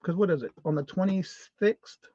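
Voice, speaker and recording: A chatty, upbeat man hosts a morning livestream, rambling a little and restarting his sentences as he reads comments. His voice sits slightly high for a man. The audio is dull and muffled, recorded in a dry, dead little room. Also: normal speed, warm tone, dry recording. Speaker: host of a morning live show. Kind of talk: casual live-stream chat, reading viewer comments aloud.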